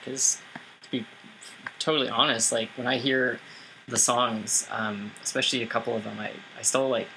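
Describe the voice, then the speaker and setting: A male musician guest speaking earnestly but haltingly, pausing often with fillers. His voice is bright and tense, and it comes over a remote line with faint noise behind it. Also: mid-range voice, rough recording. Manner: earnest, hesitant, many fillers. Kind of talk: casual remote interview.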